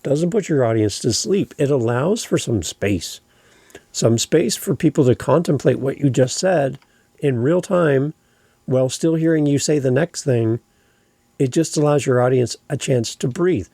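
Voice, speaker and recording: A Canadian man hosts a podcast in a relaxed, opinionated chat. His voice is gravelly and husky, with a dark, mellow tone. The recording is dry and close. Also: medium pitch, measured pace, no room sound. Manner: conversational, opinionated. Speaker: podcast host. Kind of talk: casual podcast talk.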